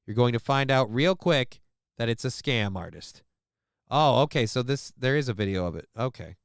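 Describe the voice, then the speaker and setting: A stream host reacts to a news clip, riffing through the story in casual commentary. He has a smooth, crisp, medium-pitched voice with lively intonation, recorded close and dry with no echo. His delivery is moderately paced, crude and joking, packed with swearing and rambling asides.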